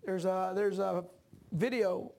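Brief: male pastor, very high voice, lively sermon delivery with shouted peaks and chatty asides. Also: slow, vocal fry. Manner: animated preaching that climbs to shouts; conversational asides to the congregation.

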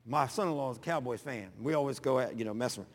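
A man's voice: mid-range voice, fast talker. Folksy man preaching in a hall. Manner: folksy, animated storytelling with sudden loud bursts. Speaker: pastor. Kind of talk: sermon with personal stories.

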